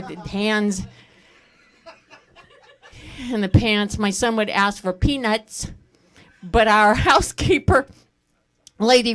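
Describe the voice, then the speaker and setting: A middle-aged woman doing a stand-up comedy set on a stage, telling animated stories and breaking into laughter. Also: medium pitch. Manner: animated storytelling with bursts of laughter. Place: comedy stage at a live fundraiser.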